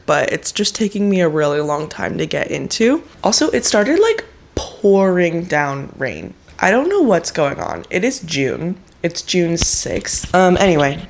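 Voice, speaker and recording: A young woman in her twenties chatting casually and enthusiastically at home in a book vlog. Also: fairly low pitch. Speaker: book vlogger.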